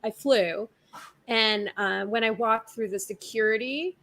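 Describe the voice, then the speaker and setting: Casting: woman co-host, higher, very bright tone, animated and rambling. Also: a little slow. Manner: animated, leans on "like" and restarts. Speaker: podcast co-host. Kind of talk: casual podcast chat.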